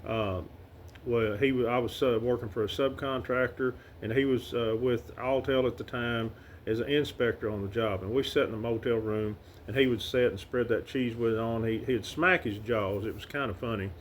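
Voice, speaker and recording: A middle-aged man with a Southern Arkansas accent, telling personal stories to the camera about his late father in a halting, heartfelt way with many fillers and restarts. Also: medium pitch, fairly even intonation, a little hiss or hum. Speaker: son paying tribute to his late father. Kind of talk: casual heartfelt storytelling to camera.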